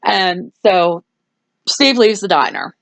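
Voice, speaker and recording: A woman's voice: mid-range voice, takes it slowly, gravelly, dry recording. A woman hosting a casual movie review, rambling through a plot recap with lots of fillers. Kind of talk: casual chat.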